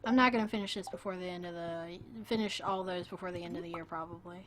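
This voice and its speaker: A woman's voice: fairly low pitch, steady tone, fast, crowd noise. Playful rambling woman streamer. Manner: playful, rambling, jokey asides to chat. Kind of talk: casual gameplay live stream chat.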